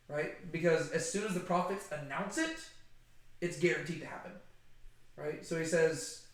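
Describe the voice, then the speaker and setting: A man giving a casual, animated Bible study talk, chatty and conversational, often checking in with "right?". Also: a little high, moderate pace. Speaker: Bible teacher. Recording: very echoey room.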